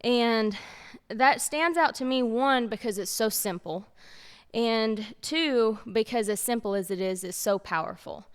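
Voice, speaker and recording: A woman's voice: on the high side, unhurried, clear, resonant tone. A woman, co-hosting a faith-based talk show and telling stories earnestly. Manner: earnest, storytelling, repeats for emphasis. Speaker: podcast co-host. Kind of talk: casual faith-based chat.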